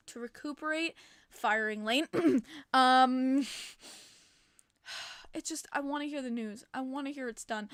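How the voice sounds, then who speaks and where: A young woman talks hockey on her stream, opinionated and chatty as she answers chat. Her voice sits fairly high and sounds a bit tired. The sound is close and dry, with no room echo. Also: fairly bright tone. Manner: chatty, opinionated fan reading chat comments. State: tired, yawning. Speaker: podcast host. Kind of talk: casual live-stream chat about hockey.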